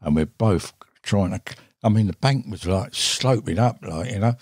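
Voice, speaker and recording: Older english bloke, low voice, rambling story full of swearing and little laughs, dry studio mic. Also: male voice, animated, normal speed, a little mellow, breathy edge, no room sound. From England. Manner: rambling, swears often, laughs while telling. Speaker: guest angler. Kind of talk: casual storytelling. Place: podcast studio.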